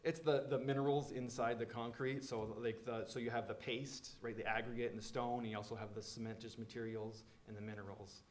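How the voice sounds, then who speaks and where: A man's voice: mid-range voice, flat delivery, a little fast, few pauses, roomy sound. A man presenting engineering plans at a public meeting, explaining in a loose, filler-heavy way.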